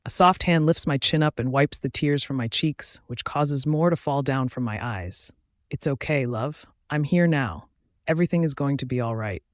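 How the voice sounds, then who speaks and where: A man giving steady first-person audiobook narration of a scripted story. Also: medium pitch, dry recording, studio quality.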